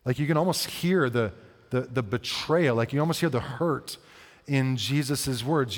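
A man in the middle of a sermon, reading scripture and talking it through with his congregation. His voice sits at an ordinary male pitch and carries a long reverb tail from a large hall. He keeps it conversational and slows down for the verses. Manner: conversational, asks the congregation questions. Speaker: preacher.

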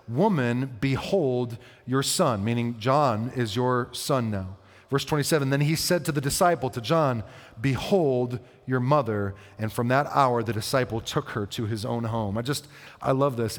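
Man preaching in a reverberant hall. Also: medium pitch. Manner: conversational, asks the congregation questions. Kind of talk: sermon reading and explaining scripture.

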